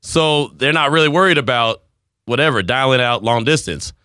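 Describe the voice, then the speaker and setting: A man's voice: mid-range voice, normal speed, bright, forceful tone, clean tone, no room sound, studio quality. A man in his forties hosting a sports radio show, talking in teasing banter and laughing often. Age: 40s. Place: radio studio.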